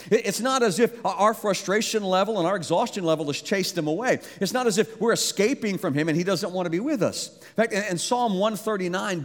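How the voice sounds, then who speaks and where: A man preaching a sermon as pastor, dropping to a hush on quiet words and rising again. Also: high-pitched, long reverb tail. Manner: dynamic, drops to a hush on quiet words, then rises.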